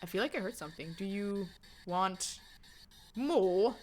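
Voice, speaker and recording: A woman's voice: medium pitch, animated, unhurried, a little hiss or hum. A woman streamer giving live, joking commentary while she plays a ghost-hunting game and chats to her viewers. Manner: chatty, joking, talks to chat and to a ghost.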